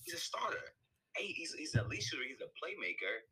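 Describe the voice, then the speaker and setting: A man in casual sports chat, talking quickly and animatedly with loud bursts. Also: mid-range voice, very animated, slightly rough, low-quality recording.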